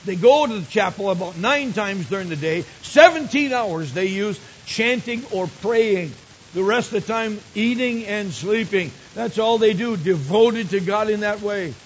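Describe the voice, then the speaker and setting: A man's voice: sits high, expressive, unhurried. Older man preaching in a lo-fi recording. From Michigan. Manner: storytelling, builds to emphatic exclamations. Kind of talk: sermon. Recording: dull lo-fi recording with faint hiss.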